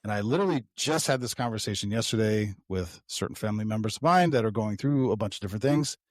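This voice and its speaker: A man's voice: fairly low pitch, lively intonation, fast talker, dry recording. A man co-hosting a podcast, telling rambling stories in a casual way with some swearing and laughing at his own tales. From United States. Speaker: podcast co-host.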